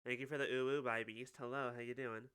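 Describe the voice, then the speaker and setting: A man giving casual, chatty let's-play commentary and reacting excitedly to his chat. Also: medium pitch, quick pace. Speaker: streamer playing a game. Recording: clear background noise.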